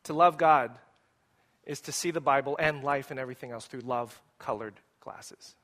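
A man preaching a sermon as pastor to his congregation in a church, speaking with lively, rising emphasis and putting questions to the listeners. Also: medium pitch, normal speed. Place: church sanctuary.

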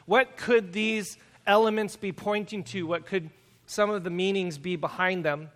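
A man preaching a sermon as pastor, casual and animated, joking about the text he reads. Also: high-pitched, unhurried, in a large hall. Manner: animated and jokey, laughs at the text.

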